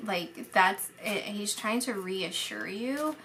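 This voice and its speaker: A woman's voice: medium pitch, fairly even intonation, normal speed, few pauses, pushed and bright, slight background noise. A woman psychic medium giving a casual spoken reading, rambling and hesitant with many fillers.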